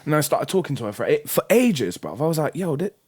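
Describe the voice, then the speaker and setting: A man's voice: on the high side, fast, slightly rough. A young man, co-hosting a podcast in casual chat and telling stories with lots of slang and swearing. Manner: animated storytelling with slang, swearing and acted-out voices. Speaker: podcast co-host.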